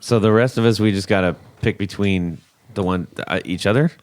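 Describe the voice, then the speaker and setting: A man with a fairly low voice hosts a loose podcast conversation among friends. He talks in bursts and laughs often, and his sentences tend to trail off and restart. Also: fairly quick. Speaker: podcast host. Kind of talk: casual chat.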